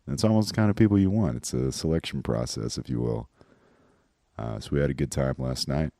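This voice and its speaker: A very low-voiced man rambles casually through the show's wrap-up. His tone is dark and mellow. The sound is close and dry, with no room in it. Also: sing-song, brisk, creaky, no room sound. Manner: rambling, loose, with many fillers. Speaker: podcast host and comedian.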